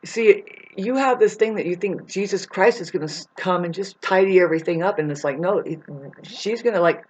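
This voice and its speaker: Speaking fairly quickly in a mid-range voice, a vlogger rambles through an angry, profane monologue that scolds and warns the listener. The audio is poor.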